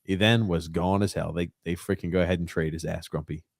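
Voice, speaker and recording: A man co-hosting a casual sports podcast, animated and profane, teasing his partner and reading out listener comments. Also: deep voice, brisk, creaky, no echo, studio quality. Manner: animated, swings from loud excited jabs to mumbling while reading. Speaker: podcast co-host.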